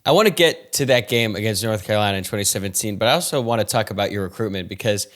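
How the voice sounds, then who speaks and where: A man's voice: lowish voice, racing. A man hosting a podcast, asking questions in a curious, conversational way. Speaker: podcast host, interviewer. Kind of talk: interview questions.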